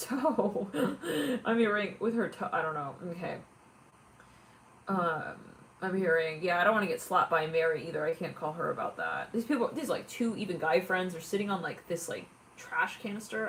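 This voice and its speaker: A woman's voice: fairly low pitch, fairly quick, a little hiss or hum. A woman giving a casual tarot reading, chatty and giggly, often acting out imagined callers. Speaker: tarot reader.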